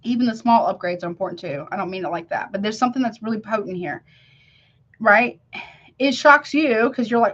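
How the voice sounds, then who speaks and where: A woman's voice: fairly high pitch, normal speed, long pauses, fairly bright tone, muffled recording. A woman giving a casual tarot reading, emphatic and slangy, who keeps checking "you see what I'm saying?". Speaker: tarot reader.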